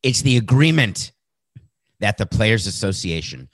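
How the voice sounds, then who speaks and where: A man hosting a sports podcast, talking sarcastically and acting out quotes with animated, mocking voices. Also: lowish voice, measured pace, breathy edge, dry recording, clean studio sound. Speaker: podcast host.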